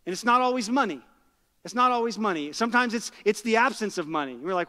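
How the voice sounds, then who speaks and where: High-voiced pastor preaching in a reverberant hall. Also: male voice, lively intonation, fast, pushed and bright. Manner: conversational storytelling, asks "right?" and "okay?" often. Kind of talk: sermon. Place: church sanctuary.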